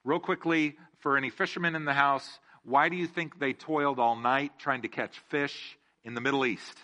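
A man's voice: mid-range voice, pushed and bright. A man preaching a casual sermon, joking and asking the room questions. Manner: jokey, asks the room questions. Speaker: pastor.

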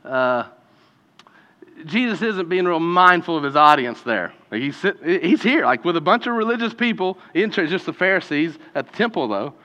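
A man's voice: fairly high pitch, big pitch swings, moderate pace, pushed and bright. A man preaching a conversational sermon as a pastor, talking casually and then building to emphatic peaks. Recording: dull lo-fi sound with long hall reverb.

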